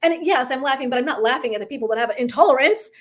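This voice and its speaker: A woman's voice: sits high, very fast. Candid laughing middle-aged woman coach. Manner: candid, swears, laughs while talking, acts out her own thoughts. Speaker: wellness coach. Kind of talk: casual live stream monologue.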